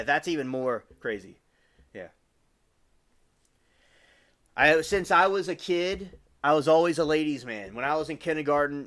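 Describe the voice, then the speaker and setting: Young male streamer, slightly high voice, rambling casual chat with viewers. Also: fairly bright tone. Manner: rambling and chatty, with many restarts; addresses chat viewers by name. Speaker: live streamer.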